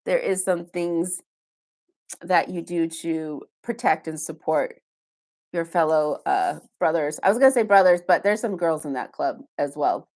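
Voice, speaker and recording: This woman's voice sits low with a darkish tone, and she takes her time. Hosting a casual live stream from her home basement, she answers viewer comments one by one in loose chat, adding self-deprecating asides.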